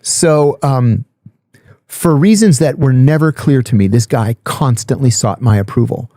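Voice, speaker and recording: A man's voice: medium pitch, measured pace, dry recording, clean studio sound. A middle-aged man casually telling stories on a podcast, acting out the people he quotes. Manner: animated storyteller, acts out quoted voices. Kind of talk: casual storytelling chat.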